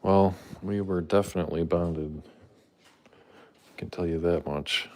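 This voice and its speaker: Deep-voiced man chatting on a live stream. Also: fairly even intonation, slow pace, a little mellow, a little hiss or hum. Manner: talks to his cats in a high playful voice; reads out and thanks viewers. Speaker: livestream host. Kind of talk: casual live stream chat.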